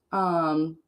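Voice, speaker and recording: A young woman from Chile hosting a casual livestream writing sprint, bubbly and gushing, laughing often. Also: low-pitched.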